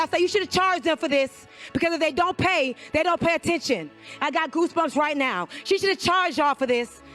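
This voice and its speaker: A woman's voice: sits high, a bit bright. A woman motivational speaker on stage at a live event, preaching with repeated call-and-response commands.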